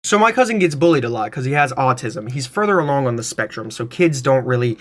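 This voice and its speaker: A man's voice: mid-range voice, very animated, fast, a little hiss or hum. A man in his twenties telling a funny family story to his phone camera in a playful, theatrical way, acting out the other people in it. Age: 20s.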